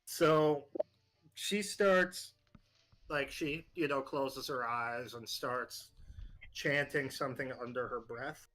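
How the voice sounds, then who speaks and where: A man acting as game master, narrating a tabletop horror game in a halting way with many fillers. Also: medium pitch, a bit bright.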